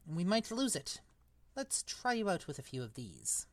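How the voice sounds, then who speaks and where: A woman voicing an eager teenage boy who captains a sports team, speaking low and quietly for a storybook read-aloud. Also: sing-song, moderate pace, no room sound.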